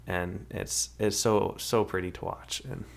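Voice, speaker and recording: A man's voice: sits low, level tone, measured pace, gravelly. A man co-hosting a podcast, chatting casually and rambling through a movie review, often restarting his sentences. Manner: rambling, restarts, acts out characters' lines. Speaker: podcast co-host.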